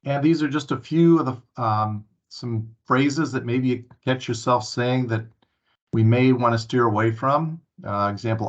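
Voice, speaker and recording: A man's voice: mid-range voice, steady tone, a little slow. Guy presenting staff training at a town hall, earnest, lots of ums and uhs, muffled lo-fi sound. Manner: earnest, many filler sounds and restarts. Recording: muffled lo-fi recording.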